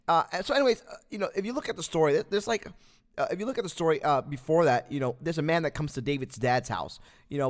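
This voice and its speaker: A man hosting a podcast, telling a Bible story as a motivational talk, with lots of fillers and animated asides. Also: on the high side. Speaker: podcast host. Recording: long echoing reverb.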